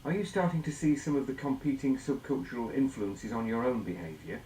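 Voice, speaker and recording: A man presenting a scripted lesson, measured and explanatory, asking guiding questions. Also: medium pitch, dark tone, echoey room, slight background noise, poor audio. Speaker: instructor.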